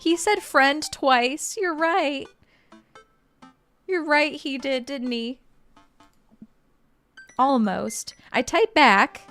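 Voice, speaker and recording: A young woman streamer plays through a video game, talking in a chatty, playful way as she reads its text aloud. Her voice sits a little high for a woman. Faint music plays in the background. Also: extremely slow, long pauses, a bit bright. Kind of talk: casual game playthrough commentary.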